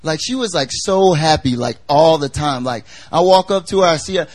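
Young guy preaching super casual, lots of likes and you knows, joking around, kinda high voice. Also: normal speed, few pauses. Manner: chatty, filler-heavy, jokey storytelling. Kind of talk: casual sermon.

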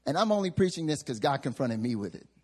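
A man's voice: mid-range voice, sing-song, fast, a little mellow, breathy edge. A male pastor giving a sermon in a church sanctuary, telling humorous, self-mocking stories.

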